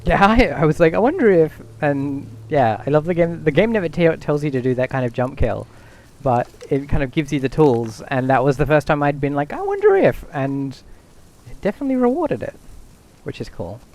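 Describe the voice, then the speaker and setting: A man's voice: fairly high pitch, moderate pace, few pauses. Chatty man thinking aloud while gaming. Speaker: game streamer. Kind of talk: casual gameplay commentary.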